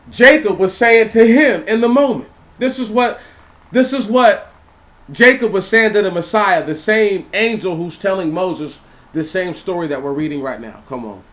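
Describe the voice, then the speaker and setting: A young man with a somewhat high voice reads old scripture verses aloud, then stops to explain them in a loose, conversational way. He repeats words, restarts his sentences and keeps checking that his listeners follow him. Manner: animated, repeats words, asks listeners questions. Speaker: Bible teacher. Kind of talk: informal Bible reading and commentary.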